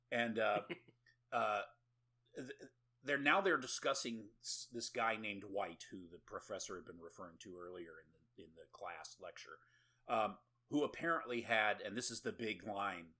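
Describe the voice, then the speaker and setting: Male podcast host, low-ish bright voice, loose sarcastic recap. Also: breathy edge. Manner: sarcastic, swearing, laughing asides. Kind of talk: casual movie recap.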